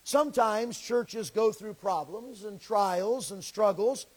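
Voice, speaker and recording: High-voiced pastor with crackly voice. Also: male voice. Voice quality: slightly crackly, scraggly voice. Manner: earnest, folksy, pauses to clear throat. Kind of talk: sermon.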